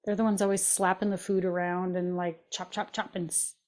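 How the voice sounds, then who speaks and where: A woman co-hosting a cooking podcast in casual chat, animated and playful. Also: lowish voice, fairly quick. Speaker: podcast co-host.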